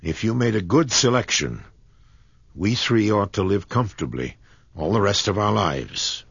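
Brief: excitable young man voiced by a male narrator, husky and low, storybook reading. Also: measured pace, no echo, highs cut off, heavily acted. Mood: eager. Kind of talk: audiobook character voice.

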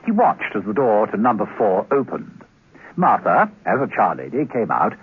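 A man narrating a radio drama with expressive, dramatic storytelling. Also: fairly low pitch, normal speed, slightly rough. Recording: tinny old radio recording with music.

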